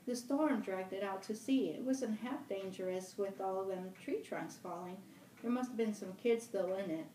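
A woman's voice: mid-range voice, normal speed, warm tone, close to an everyday voice. A woman voicing an anxious, chattering plump schoolboy with asthma, reading aloud from a novel. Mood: earnest. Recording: roomy room, mic at a distance.

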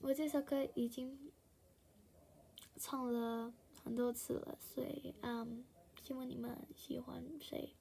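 A woman's voice: high voice, flat delivery, a little slow, creaky, mellow. A woman chatting casually to camera before singing a cover, hesitant, with many fillers and restarts. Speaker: singer doing a cover.

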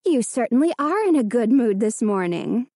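Woman playing a brisk, scolding mother. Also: on the high side, very animated, warm tone, no room sound, clean studio sound. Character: busy mother, stern but caring.

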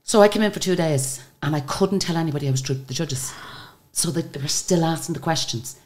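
A woman's voice: low-pitched, fast, darkish tone. An Irish woman, a guest in a casual interview, tells a long story in a chatty way, with restarts and asides, and acts out the people she quotes.

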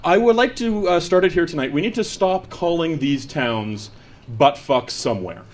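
A man's voice: on the high side, animated, moderate pace. A man works a live comedy stage, talking into a handheld mic. He is chatty and mocks himself, slipping into quoted voices as he goes. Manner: chatty, self-mocking, acts out quoted voices. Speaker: stand-up comedian. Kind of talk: stand-up comedy set.

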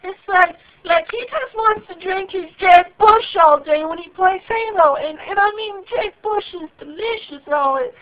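A woman playing a whiny, excitable redneck cousin who stammers and whose voice cracks. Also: extremely high pitch, normal speed, hardly any pauses. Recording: muffled lo-fi home recording.

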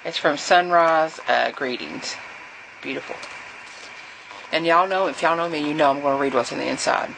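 A woman's voice: low voice, moderate pace, gravelly, a bit bright, a little hiss or hum, poor audio. A woman, chatting casually to camera in a rambling way, with fillers and restarts. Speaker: vlogger.

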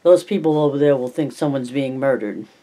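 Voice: medium pitch, brisk, mellow, lightly acted. Short-tempered tired dad snapping at his kid, as a reader puts him on in an audiobook. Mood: irritated. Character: tired, irritable young father doctor. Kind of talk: amateur audiobook reading.

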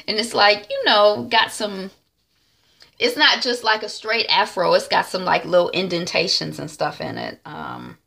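A woman vlogger casually recapping a series, animated, acting out scenes with many fillers. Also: lowish voice, creaky.

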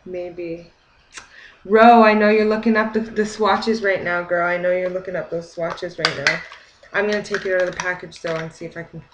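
A young woman chatting excitedly while opening a gift package, gasping and gushing over each item. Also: fairly low pitch, moderate pace, a little hiss or hum, poor audio. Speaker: beauty vlogger. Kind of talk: excited unboxing chat. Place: home kitchen.

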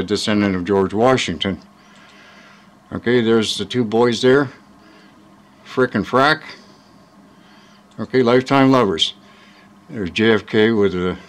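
A man's voice: fairly low pitch, rough recording. A man ranting in a rambling casual vlog, swearing freely and heated, often tagging his points with "right?", filmed on a handheld phone. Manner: profane and heated, keeps asking "right?". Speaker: vlogger.

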